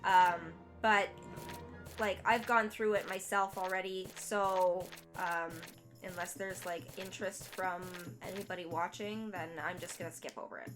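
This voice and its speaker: A woman's voice: fairly low pitch, fairly even intonation, unhurried. A young woman casually commenting as she plays a video game, with many fillers. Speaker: gaming channel host. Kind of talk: let's play commentary. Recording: game music behind.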